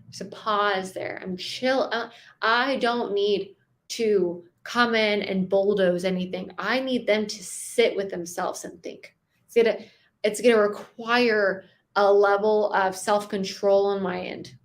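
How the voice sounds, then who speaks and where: A young adult woman coaching sales in a casual, conversational way, slowing down and pausing to stress key words. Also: mid-range voice, fairly even intonation. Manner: conversational, slows down and pauses for emphasis. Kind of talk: casual teaching with spoken sales examples.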